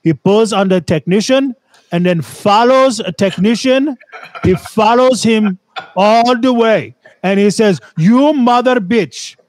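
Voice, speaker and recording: A man's voice: high voice, slow pace, no echo. A man putting on an Indian accent to play a pushy, coaxing man who talks in short, broken sentences. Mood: wheedling. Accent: Indian, put on. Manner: coaxing, repetitive, clipped broken grammar.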